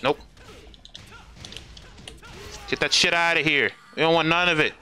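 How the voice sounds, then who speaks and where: A man's voice: fairly high pitch, fast talker, pushed and bright, soft background music. A man streaming a fighting game, commentating his matches with profane, exasperated trash talk. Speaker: gaming streamer.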